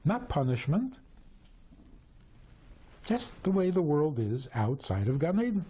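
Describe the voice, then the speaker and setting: A man teaching Torah through storytelling, animated and full of rhetorical questions. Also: a little high, unhurried, breathy edge. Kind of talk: storytelling lesson.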